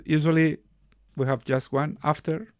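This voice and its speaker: A man's voice: a little high, level tone, moderate pace, darkish tone, clear, resonant tone, no room sound, clean studio sound. A man hosting an online meeting on a video call, chatting and reading out names, asking how to pronounce them. His first language is Spanish. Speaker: meeting host and mentor.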